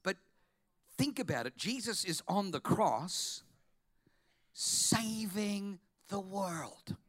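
A man preaching a fervent sermon as pastor, swinging between shouted declarations and quiet asides. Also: high-pitched, lively intonation, slow.

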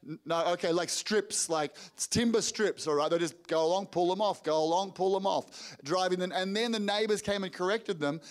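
A middle-aged man preaching to a church congregation, telling lively family stories with quick restarts and acted-out quotes. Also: sits high. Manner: energetic storytelling with rapid restarts and acted-out quotes. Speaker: pastor. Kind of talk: sermon storytelling. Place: church hall before a congregation.

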